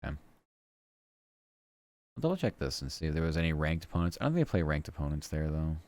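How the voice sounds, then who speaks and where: A man's voice: very deep voice, sing-song, quick pace, darkish tone, no echo. A man streaming as a virtual character, chatting casually and muttering to himself while he works. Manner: muttering to himself while working, scattered fillers. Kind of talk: casual work stream chat.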